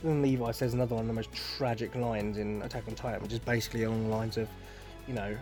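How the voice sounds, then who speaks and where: A man's voice: on the low side, steady tone, quick pace, darkish tone, soft background music. A man ranting casually as an anime reviewer, exasperated and full of swearing. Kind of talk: casual video commentary.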